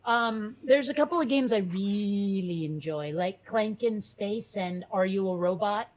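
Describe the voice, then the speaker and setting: A woman's voice: medium pitch, unhurried, darkish tone. A woman co-hosting a casual podcast chat, talking in a rambling way with many fillers and restarts. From from a Catholic Italian family. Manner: chatty, hesitant with many fillers. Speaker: podcast co-host.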